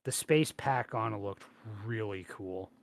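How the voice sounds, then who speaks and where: A man co-hosting a casual podcast chat over a video call, talking in an animated, jokey way. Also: lowish voice, measured pace, vocal fry. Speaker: podcast co-host.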